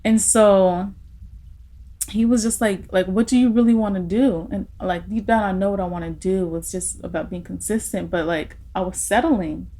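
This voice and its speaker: A young woman talks through a personal story on a casual podcast. Her voice sits at a middle pitch, and she speaks with open feeling. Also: moderate pace, dark tone. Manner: emotional storytelling, laughing through tears.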